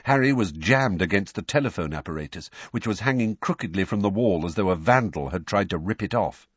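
A man narrating a storybook in an expressive, even-paced way. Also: low voice, a little fast, breathy edge, no echo, highs cut off. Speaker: audiobook narrator. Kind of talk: scripted narration.

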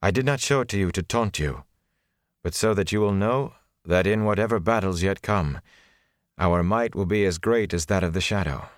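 A man voicing a calm, stern woman sorceress in an audiobook, speaking in a measured, flat way. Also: low voice, no room sound, studio quality. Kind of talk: audiobook character voice.

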